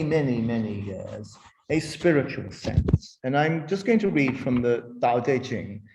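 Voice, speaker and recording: A man giving a webinar talk, explaining in a measured way and telling stories, with frequent restarts. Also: medium pitch, a little mellow, roomy sound. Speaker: speaker in a webinar. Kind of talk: lecture with storytelling.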